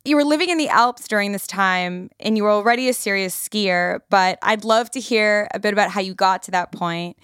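A woman's voice: medium pitch, a little fast, few pauses, fairly bright tone, clear, resonant tone, dry recording, clean studio sound. A woman hosting an interview, asking curious, engaged questions of her guest. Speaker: interviewer, host.

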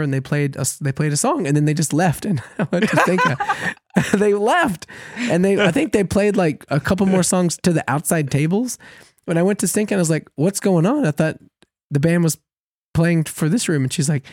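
A man co-hosting a podcast, telling a long story in a casual, animated way, laughing at himself often. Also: a little high, moderate pace, no room sound, clean studio sound. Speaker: podcast co-host.

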